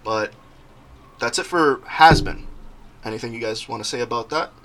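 A young man hosting a casual podcast, telling stories in an animated way and often laughing. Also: medium pitch, moderate pace. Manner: laughing, animated storytelling with quoted voices. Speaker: podcast host.

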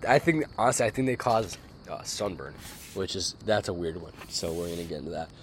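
A man's voice: low-pitched, a little fast, slight background noise. A young man with a sick voice, rambling dismissively through a solo podcast rant and repeating his words. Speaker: podcast host.

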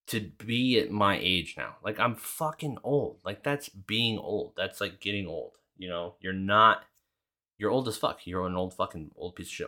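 A man's voice: on the low side, moderate pace. A man in his early thirties on a podcast, casually telling a story in a profane, ranting way and acting out both sides of the exchange. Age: 30s. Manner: profane, ranting, animated retelling. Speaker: podcast host.

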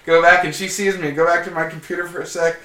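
A man's voice: fairly high pitch, fast. A man in casual chat, telling a long story and acting out the quotes in it. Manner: animated storyteller, acts out quotes. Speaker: guest. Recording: echoey room, distant mic.

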